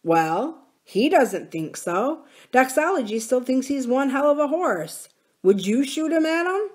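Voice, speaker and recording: A woman reading the part of a gentle, wise old male rancher in an audiobook-style reading. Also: high-pitched, big pitch swings, measured pace, voice pushed up, full character voice. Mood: earnest.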